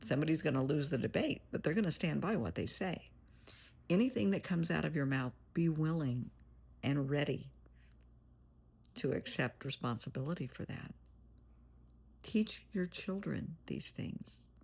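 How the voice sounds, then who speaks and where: Gravelly, husky woman therapist. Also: deep voice, animated, moderate pace, long pauses. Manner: blunt, plain-spoken, calls listener honey. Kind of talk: motivational monologue.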